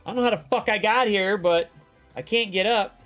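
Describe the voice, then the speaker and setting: A man's voice: high voice, fairly quick, a bit bright, soft background music. A man chatting casually as a guest, telling a long personal story in a rambling, profane way and acting out what people said. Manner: profane, rambling storytelling full of acted-out quotes. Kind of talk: casual chat.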